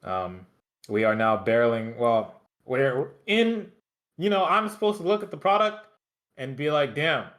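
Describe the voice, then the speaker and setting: A man talks through a wrestling show in a loose, rambling way, swearing often. His voice sits at an ordinary middle pitch. It is casual podcast chat between co-hosts. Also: unhurried, fairly bright tone. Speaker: podcast co-host recapping wrestling.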